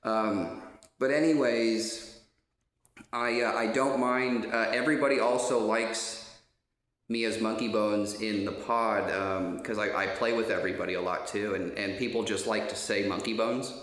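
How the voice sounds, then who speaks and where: A man's voice: lowish voice, fairly even intonation, normal speed, fairly bright tone. A man telling a casual anecdote, rambling with many fillers and restarts and swearing freely. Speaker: storyteller. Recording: roomy echo.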